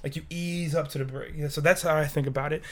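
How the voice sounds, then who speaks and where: A man's voice: on the high side, fairly even intonation, fast, a bit bright. A sick young man co-hosting a podcast, rambling in casual, profane chat and laughing often. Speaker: podcast co-host.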